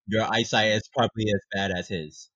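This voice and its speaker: A man with a very low, husky voice co-hosts a casual book podcast and drops wry jokes about the plot. The sound is dry and dull, as if from a cheap mic. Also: steady tone, a little fast, a bit bright, dry recording. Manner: wry, joking asides. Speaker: podcast co-host. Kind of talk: casual book discussion chat.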